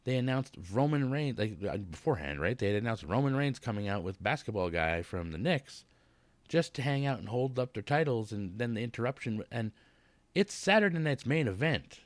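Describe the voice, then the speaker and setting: A man's voice: medium pitch, very animated, normal speed, dry recording. A man giving a casual, blunt wrestling recap, talking in a rambling, profane rant. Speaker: wrestling vlogger.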